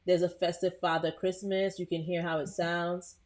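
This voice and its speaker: A woman with a lowish voice hosting a live tutorial. She chats directly to her viewers as "you guys", narrating each click with plenty of "um" and "like". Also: little pitch movement, normal speed, a little mellow. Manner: chatty, addresses viewers as "you guys", frequent "um" and "like". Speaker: host.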